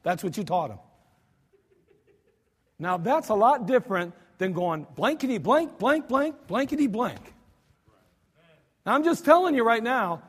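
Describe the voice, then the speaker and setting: A male pastor preaching a sermon, animated, acting out cries and mock cussing with frequent restarts. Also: high-pitched. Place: church sanctuary. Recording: archived service recording with long hall reverb.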